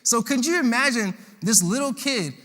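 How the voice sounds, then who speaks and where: A high, bright male voice rolls through a reverberant hall. He preaches in a loose, slangy storytelling style, jumping into voices for the characters with a lot of energy. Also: normal speed. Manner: animated, slangy, acts out voices of the disciples. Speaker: youth preacher. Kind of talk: lively storytelling sermon.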